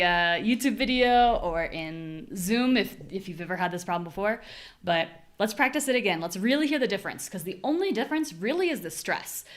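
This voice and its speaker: With a mid-range voice, an American woman runs a live online class on pronunciation, exaggerating the stress as she models each word clearly.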